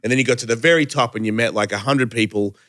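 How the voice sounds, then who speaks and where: A male host in a loose podcast chat, rambling and foul-mouthed, constantly cutting in. His voice sits at an ordinary middle pitch. The sound is dry, with no room echo. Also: fairly bright tone. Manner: rambling and profane, quick interjections. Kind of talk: casual podcast conversation.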